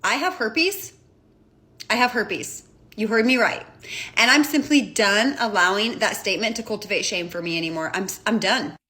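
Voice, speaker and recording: A woman's voice: medium pitch, moderate pace, pushed and bright. A woman in her twenties speaking firmly and directly to camera. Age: 20s. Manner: firm, declarative. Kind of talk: earnest direct-to-camera statement.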